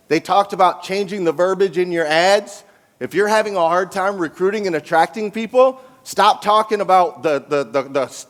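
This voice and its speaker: High, animated man speaking in a reverberant hall. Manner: animated, jokey, engages the crowd with questions. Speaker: keynote speaker. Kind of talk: energetic conference keynote storytelling. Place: large dim conference hall.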